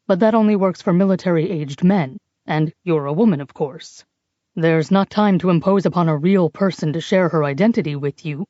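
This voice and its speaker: A woman voicing a brisk, condescending man in an audiobook who talks over others. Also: fairly low pitch, warm tone, no room sound, lo-fi sound, lightly acted. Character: sharp-witted brisk man, a forger. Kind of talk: audiobook character voice.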